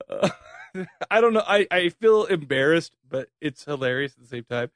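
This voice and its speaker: A man's voice: a little high, animated, measured pace, a bit bright, no echo. A man co-hosting a podcast in casual chat, laughing often and teasing his co-host.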